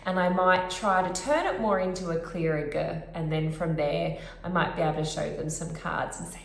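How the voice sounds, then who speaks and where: Woman therapist, lower register, teaching to camera, demonstrates sounds, roomy echo. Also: animated, normal speed, few pauses, a little hiss or hum. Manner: friendly, clear, demonstrates sounds. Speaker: speech pathologist. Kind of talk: instructional explanation to camera.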